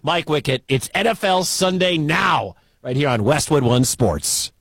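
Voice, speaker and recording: A man calling live football play-by-play on the radio, excitable and breaking into shouts at big plays from a stadium booth. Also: on the high side, a little slow, heavy background noise.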